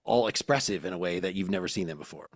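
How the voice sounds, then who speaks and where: A man's voice: deep voice, animated, no echo. Joking man podcast co-host, dry sound. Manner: joking, halting with restarts. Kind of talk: casual podcast chat.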